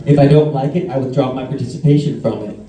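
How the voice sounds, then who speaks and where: A man's voice: medium pitch, fast talker, background noise. A man on a convention panel, telling chatty anecdotes and laughing between stories. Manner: chatty storyteller, laughs mid-story. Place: convention hall. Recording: roomy hall audio from a distance.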